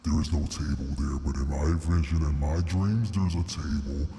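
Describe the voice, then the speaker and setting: A man putting on a deep, slow, menacing voice for his own inner monologue. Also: fairly even intonation, vocal fry, warm tone. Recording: roomy long reverb.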